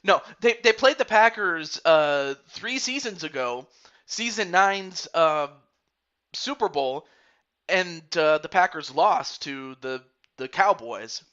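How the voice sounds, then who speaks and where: A man with a bright, forceful tone and a fairly high voice commentates a football video game on his live stream. He rambles casually, greeting chat viewers by name. The audio is dull and a bit muffled. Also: lively intonation, slow pace.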